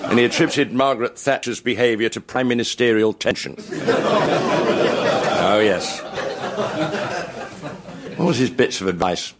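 A man's voice: medium pitch, lively intonation, measured pace, long pauses, over a noisy crowd, heavy background noise. An older man telling funny anecdotes to a live audience in a genial, chuckling after-dinner style.

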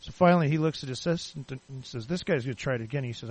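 A man's voice: mid-range voice, very fast, hardly any pauses, darkish tone. A man co-hosting a casual podcast, telling crude bar jokes in a laid-back way. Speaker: podcast co-host.

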